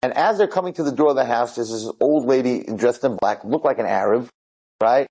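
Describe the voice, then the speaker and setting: Guy telling stories to a crowd, lively, acts out the quotes, lots of side comments. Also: mid-range voice, a little fast, low-quality recording. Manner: animated, acts out quoted dialogue, frequent asides. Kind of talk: retelling stories to an audience.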